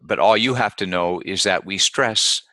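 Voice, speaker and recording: A man teaching English pronunciation rules in a slow, deliberate lesson, modelling each example word by repeating it carefully. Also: low-pitched, sharp tone, no room sound. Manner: deliberate, models words by repeating them slowly.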